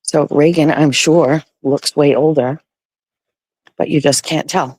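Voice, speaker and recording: A woman's voice: low voice, steady tone, slow pace, a little mellow, slightly rough, no room sound, rough recording. A woman hosting a casual vlog from home, telling a story with plenty of swearing and laughter. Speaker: vlog host. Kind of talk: casual chatty monologue. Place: at home with her dogs.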